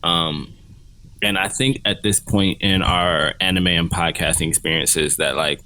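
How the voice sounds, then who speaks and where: A man's voice: deep voice, fairly even intonation, bright, forceful tone, slight background noise. A man co-hosting a podcast in easygoing, hype casual chat. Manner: easygoing, hype, quick to laugh. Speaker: podcast co-host.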